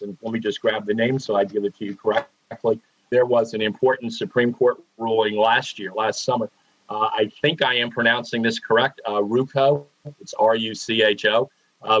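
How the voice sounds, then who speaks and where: A man from Pennsylvania, a guest on a radio interview, explaining things in a measured way with frequent "uh" fillers. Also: lowish voice, no room sound, dull audio. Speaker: political analyst guest.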